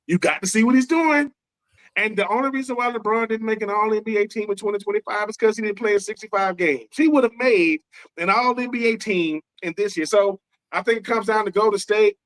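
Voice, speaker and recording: A man with a Southern US, Atlanta accent co-hosts a sports podcast, chatting loosely and conversationally and repeating his points. His voice sits high with a fairly bright tone, and the audio is poor and dry.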